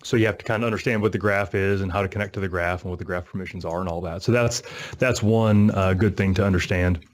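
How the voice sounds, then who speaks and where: A man's voice: sits low, fairly even intonation, fast talker. A man co-hosting a tech podcast, talking in a rambling, self-mocking, chatty way. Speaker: podcast co-host. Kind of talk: casual tech podcast chat.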